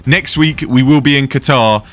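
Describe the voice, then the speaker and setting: A man commentating his own racing game play-by-play in an excitable, fast-moving way. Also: mid-range voice. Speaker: gaming YouTuber commentating his own race. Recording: faint game music behind.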